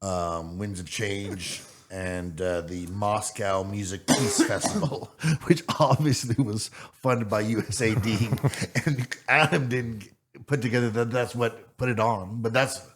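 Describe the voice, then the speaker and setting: Man, podcast co-host, fairly low voice, rambling casual talk. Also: unhurried. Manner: rambling, circles back to points. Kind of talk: casual chat.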